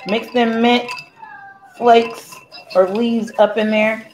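A woman's voice: fairly high pitch, fairly even intonation, slow pace, a little mellow, a little hiss or hum. A woman hosting a casual cooking live stream from a home kitchen, chatty and joking as she greets viewers by name. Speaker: cooking show host. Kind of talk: casual live-stream chat while mixing a drink.

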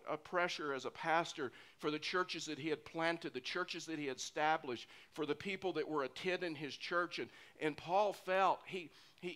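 A middle-aged pastor preaches a sermon in a fairly high-pitched, slightly bright voice. He is earnest and often repeats phrases when stressing a point.

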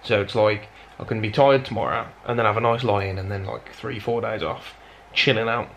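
A man's voice: fairly low pitch, fairly even intonation, normal speed, creaky, fairly bright tone, a little hiss or hum. A man with a Black Country accent chatting casually to camera in a vlog, rambling and self-deprecating. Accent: Black Country (Dudley). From Black Country, England. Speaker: vlogger.

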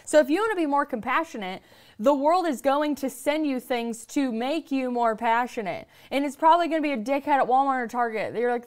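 A woman hosting a podcast, telling stories in casual, profane, animated chat. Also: sits high, brisk. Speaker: podcast host.

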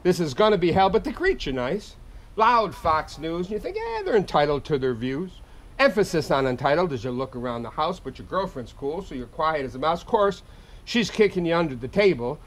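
A man performing live spoken-word comedy at a house concert, with a rapid-fire, profane, rhyming delivery. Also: fairly high pitch, animated, fairly bright tone. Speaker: touring singer-songwriter.

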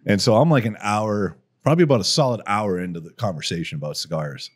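A man's voice: lowish voice, quick pace. A man co-hosting a podcast, telling a story in casual chat and acting out the quotes. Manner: lively storyteller, acts out quotes. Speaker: podcast co-host.

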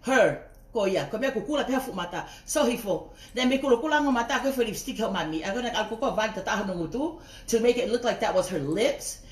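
A woman's voice: on the high side, lively intonation, fast talker. Heated, profane woman livestreamer in a roomy space. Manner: profane, heated, breaks off to greet viewers. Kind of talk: casual livestream rant. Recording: roomy echo.

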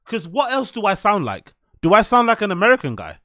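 A man's voice: high-pitched, wildly swooping pitch, brisk, bright, forceful tone. A man with a London accent giving blunt, sarcastic reaction commentary. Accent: London English. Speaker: commentary streamer.

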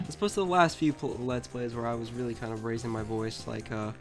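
A man's voice: medium pitch, fairly even intonation, fast, faint music behind. A young man co-hosting a gaming podcast, telling stories in a rambling way with lots of fillers and restarts. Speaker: podcast co-host. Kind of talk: casual let's-play chat.

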